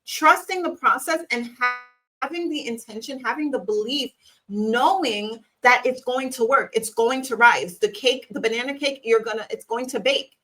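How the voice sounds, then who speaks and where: A woman's voice: a little high, moderate pace, sharp tone, low-quality recording. A woman in her thirties, a business coach, giving a faith-based motivational talk and speaking straight to the viewer in an encouraging way. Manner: encouraging, talks straight to the viewer with repeated questions.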